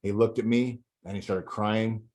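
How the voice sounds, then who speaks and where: A man's voice: fairly low pitch, steady tone, moderate pace, darkish tone. A middle-aged man talking as a podcast guest, telling a candid personal story in a rambling, profane way with many restarts.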